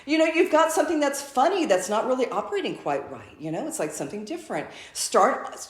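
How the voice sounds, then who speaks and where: A woman's voice: fairly high pitch, very animated, brisk, hardly any pauses, reverberant. A woman channeling a spiritual message to a group, speaking as a collective "we" in a repetitive, effusive way.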